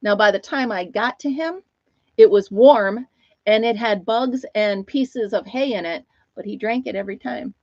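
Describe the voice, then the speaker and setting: Speaking at a moderate pace in a slightly high, darkish voice, this middle-aged livestream host has an Upstate New York accent. She's chatty and laughs a lot, addressing both her viewers and her dog. A muffled home mic gives a dry sound.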